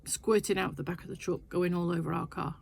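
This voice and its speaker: A woman's voice: fairly low pitch, fairly even intonation, a little fast, gravelly, darkish tone, slightly rough. An older woman telling a rambling, chatty story in her sewing shed. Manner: chatty, rambling anecdote with asides. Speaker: sewing vlogger. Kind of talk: casual storytelling chat.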